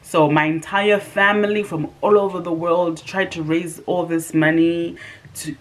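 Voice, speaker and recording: A woman voicing a smooth-talking French ex-boyfriend with a French accent, earnestly telling a tall tale. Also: fairly low pitch, fairly even intonation, a little slow, lightly acted. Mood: wheedling.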